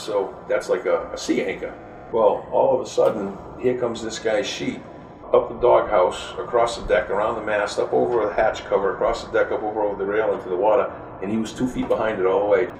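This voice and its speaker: Retired fisherman, older guy, gravelly low voice, kinda far off in an echoey room. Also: a little mellow, slight background noise. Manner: detailed, step-by-step storytelling. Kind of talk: storytelling interview.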